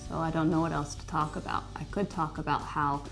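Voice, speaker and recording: A woman's voice: sits low, steady tone, fairly quick, fairly bright tone, soft background music. A woman leading a yoga class, chatting and joking playfully as she guides the poses. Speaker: yoga instructor.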